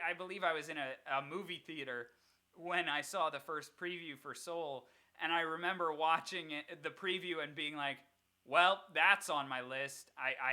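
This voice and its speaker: A young adult podcast co-host chatting casually and telling animated stories. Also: mid-range voice. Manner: animated storyteller. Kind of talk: casual chat.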